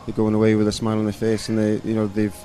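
Low, flat-voiced relaxed man. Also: very fast, soft background music. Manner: relaxed, rambling with many fillers. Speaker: rugby coach and former player. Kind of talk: casual interview answers.

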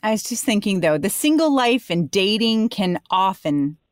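A woman's voice: mid-range voice, lively intonation, moderate pace, dry recording, clean studio sound. A woman hosting an interview, asking her guest encouraging questions. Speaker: host.

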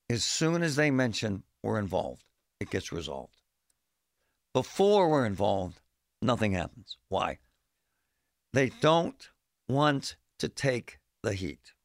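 Blunt, gravelly radio host. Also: male voice, medium pitch, no echo, clean studio sound. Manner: blunt, fed-up, folksy with slang. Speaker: radio talk show host. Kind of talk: opinionated talk radio monologue. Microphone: studio microphone.

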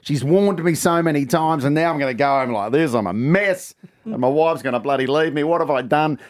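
A man's voice: on the high side, brisk, close to an everyday voice. A man voicing a drunk, panicky bloke pleading his case. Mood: panicked. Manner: frantic, pleading. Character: drunk panicky bloke in vomit-stained shirt.

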